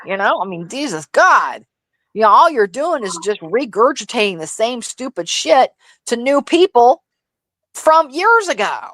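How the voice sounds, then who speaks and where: A woman co-hosting a casual livestream chat, telling gossip in an animated, profane, laughing way. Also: fairly high pitch, measured pace, no room sound. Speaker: livestream co-host.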